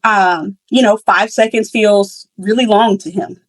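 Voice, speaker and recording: A woman's voice: medium pitch, steady tone, measured pace, dry recording, low-quality recording. A young woman hosting a podcast, telling a story in a casual, candid way with many fillers and restarts. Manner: candid and reflective. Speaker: podcast host.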